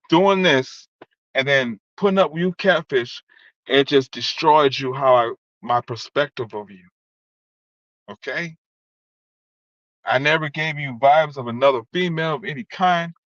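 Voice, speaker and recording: A man's voice: a little high, unhurried, pauses often, fairly bright tone, dry recording. A man vlogging a heated, rambling monologue, cursing and repeating the same filler as he talks to someone who wronged him. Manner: rambling, profane, keeps repeating "you know what I'm saying". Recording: dull lo-fi dry recording.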